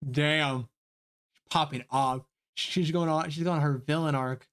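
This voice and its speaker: A man streaming live, reacting to a story game in an excitable, swearing, laughing way. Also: fairly high pitch, measured pace, clean tone.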